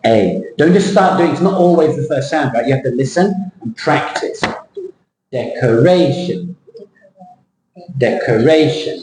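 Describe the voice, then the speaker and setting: Man slowly modeling English words. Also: a little high, animated, darkish tone, echoey room, a little hiss or hum, rough recording. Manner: slow, drawn-out modeling of words, switching into Thai. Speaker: English pronunciation teacher. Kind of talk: classroom pronunciation lesson.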